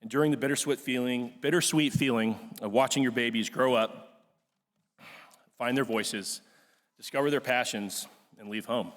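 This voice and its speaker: A man's voice: medium pitch, moderate pace, a bit bright. A young man, class president, giving an earnest, emotional ceremony speech with frequent fillers in a large auditorium. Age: young adult. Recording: long hall reverb.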